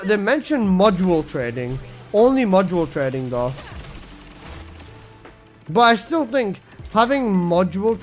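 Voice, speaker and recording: A young man chatting casually on a game stream, joking crudely and laughing at his own lines. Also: high-pitched. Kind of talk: casual live-stream chat.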